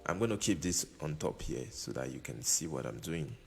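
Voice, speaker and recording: A man's voice: very deep voice, expressive, moderate pace, vocal fry. A man teaching music production in a casual tutorial while playing a keyboard, often repeating himself and checking that the listener understands. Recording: room with long reverb, keyboard music behind.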